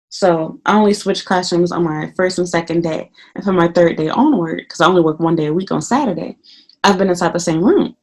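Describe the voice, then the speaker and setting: A woman who teaches English in Japan chats to the camera in a casual vlog, her voice on the low side and her pace brisk. She swears freely and acts out her own remarks in an animated, profane telling of the story.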